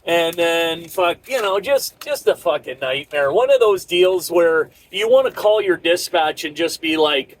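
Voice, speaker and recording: A man's voice: a little high, expressive, measured pace, hardly any pauses, low-quality recording. A middle-aged man, a truck driver, telling a frustrated, profane and rambling story about a bad day hauling freight. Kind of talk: casual ranting vlog.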